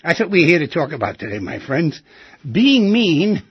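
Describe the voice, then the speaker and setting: A man's voice: a little high, big pitch swings, moderate pace, slightly rough, dry recording. A man hosting a radio talk show, musing thoughtfully and asking rhetorical questions. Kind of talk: reflective radio monologue. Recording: dull lo-fi radio broadcast.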